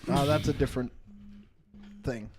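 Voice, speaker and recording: A man's voice: medium pitch, fairly even intonation, moderate pace, a little mellow, slight background noise. A man co-hosting a podcast, teasing the others in a wry, casual way. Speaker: podcast co-host. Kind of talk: casual banter.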